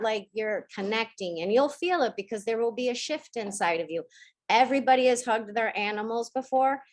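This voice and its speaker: A woman with a fairly high voice guides listeners through a spiritual practice on a video call. She speaks gently and slows down to stress key words. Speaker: spiritual teacher hosting a member call. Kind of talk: spoken teaching on a video call.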